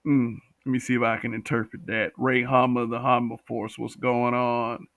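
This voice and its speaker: A man's voice: mid-range voice, little pitch movement, normal speed, a bit bright, no room sound. A man hosting a livestream, talking bluntly with profanity and reading viewer comments. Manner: blunt, profane, talks back to chat.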